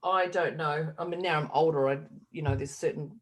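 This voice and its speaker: A middle-aged woman co-hosting a casual podcast chat, animated and laughing often as she acts out quoted voices. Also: low voice, brisk. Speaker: podcast co-host.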